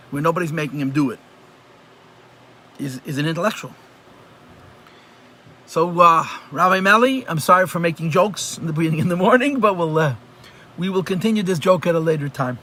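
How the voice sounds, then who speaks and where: Male rabbi, live class over a computer mic; higher-pitched, conversational, repeats himself for emphasis. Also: fast talker, long pauses, pushed and bright, a little hiss or hum. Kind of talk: live online Chassidus lesson. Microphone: computer mic on a video call.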